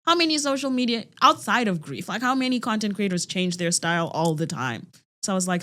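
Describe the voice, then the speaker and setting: A woman's voice: mid-range voice, a little fast. A woman in her thirties, a podcast guest, talking candidly and animatedly, acting out what others said. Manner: animated storyteller, acts out quotes. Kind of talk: candid conversational interview.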